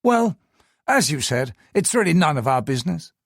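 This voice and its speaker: A man puts on a brooding older colonial governor, his voice pitched up and swinging widely. He speaks in a clipped, upper-class way with a husky edge. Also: big pitch swings, normal speed, dry recording, clean studio sound, full character voice. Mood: brisk, clipped.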